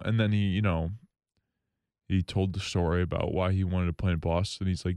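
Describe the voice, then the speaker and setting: Excitable man hosting hockey talk. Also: sits low, normal speed, gravelly, no room sound. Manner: excitable, rambling, jokingly bitter. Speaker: hockey podcast host. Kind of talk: solo sports talk show. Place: radio station studio.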